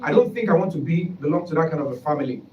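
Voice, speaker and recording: Man, nigerian english accent, press conference spokesman, emphatic and formal, high-pitched, echoey room, distant mic. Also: expressive, very fast, a little mellow, dull audio. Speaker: human rights foundation spokesman. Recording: roomy hall, distant mic, faint background noise.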